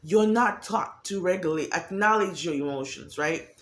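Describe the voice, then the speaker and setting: A woman's voice: on the low side, normal speed. A woman giving a candid, profane monologue about emotions, acting out quoted voices as she talks. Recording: echoey room.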